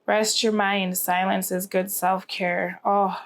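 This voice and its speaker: A woman's voice: mid-range voice, flat delivery, slow pace. A tired, yawning woman giving a rambling tarot reading to camera, often asking "okay?". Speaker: tarot reader.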